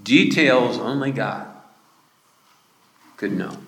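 Male pastor, sermon, unhurried and deliberate, long hall reverb. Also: mid-range voice, expressive. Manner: slow, deliberate preaching with emphatic rises. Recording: echoey hall.

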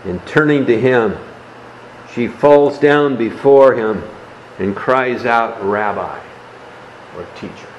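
Guy preaching slow and measured, kinda muffled lo-fi sound, faint ac hum behind. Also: medium pitch, roomy sound. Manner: slow, measured Bible exposition, dropping soft on key words. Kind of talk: sermon.

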